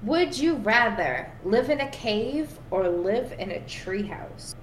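A woman's voice: fairly high pitch, animated, slow pace, reverberant, slight background noise. A woman hosting a casual podcast game, teasing her friends, swearing freely and laughing often. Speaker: podcast host. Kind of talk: casual chat, party game.

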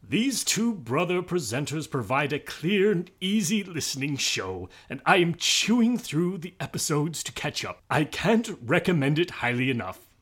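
Guy doing a fake british accent, hammy and drawn out, pitched up a bit for a listener review. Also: fairly bright tone, breathy edge, heavily acted. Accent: mock British. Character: male British listener reading his own review. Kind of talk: comic read-out in a put-on voice.

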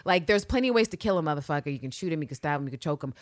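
Woman co-host, casual profane recap chat, low-pitched, dry recording. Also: racing, hardly any pauses, no echo. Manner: animated, profane, blunt. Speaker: podcast co-host.

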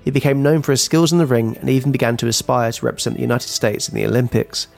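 A man co-hosting a true-crime podcast, reading his script briskly and teasing his co-host dryly. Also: medium pitch, gravelly, a little mellow, soft background music.

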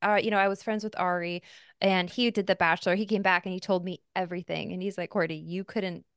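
A woman hosting a casual podcast interview, chatty and quick to laugh. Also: fairly low pitch, fairly even intonation, smooth, no room sound, studio quality. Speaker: podcast host.

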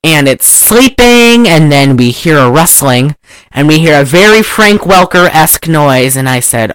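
Casting note: chatty woman host, lively swooping pitch, dry close sound, rambling recap with mock accents. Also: a little slow, clean tone, dry recording. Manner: rambling and animated, breaks into loud laughter and mock accents. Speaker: podcast host recapping a film. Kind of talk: casual chat.

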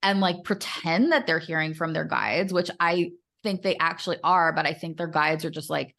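A young adult woman co-hosting a podcast, telling a lively story and acting out what people said. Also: sits low, vocal fry. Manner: animated storyteller, quick, acts out quotes with laughs. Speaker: podcast co-host. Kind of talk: casual chat.

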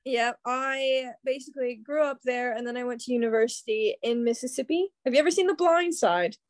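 A woman's voice: fairly high pitch, a little fast, dry recording. A young American woman, a guest on a podcast, telling her story in casual chat, full of "like" and "um". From Kansas City, USA. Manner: chatty, many fillers like "like" and "um". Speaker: guest, secondary English teacher.

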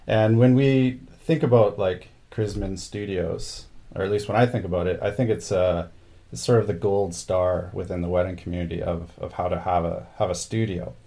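A man's voice: on the low side, gravelly, warm tone. A man hosting an interview, asking long rambling questions full of fillers. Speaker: podcast host interviewing photographers. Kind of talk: casual interview.

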